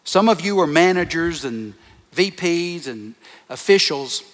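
A pastor with a voice on the high side, animated yet unhurried and a bit bright, preaches emphatically, layering short repeated phrases. His congregation hears him in a large hall with long reverb.

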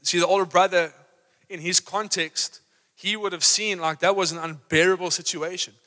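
A man preaching an energetic, rousing live sermon in a church, acting out his examples. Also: high voice, normal speed. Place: church auditorium. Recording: live church hall reverb.

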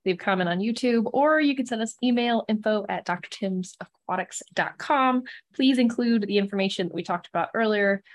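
A woman co-hosting a casual podcast, upbeat and quick to laugh. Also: medium pitch. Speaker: podcast co-host.

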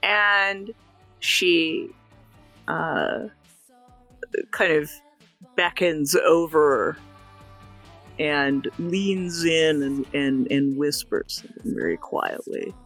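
A woman playing a tabletop game, talking in a relaxed, hesitant way. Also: sits low, very slow, pauses often, faint music behind. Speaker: player.

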